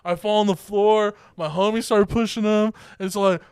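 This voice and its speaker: A man's voice: high voice, fairly even intonation, moderate pace, clean tone, no room sound. A young man co-hosting a podcast, telling a bar story in casual, profane, laughing chat. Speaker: podcast co-host.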